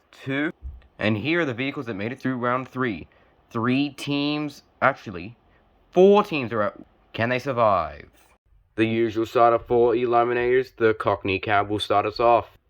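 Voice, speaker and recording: A young man giving play-by-play commentary on a toy car joust, calm and measured with sudden excited spikes on big hits. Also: medium pitch, clear, resonant tone, dull audio.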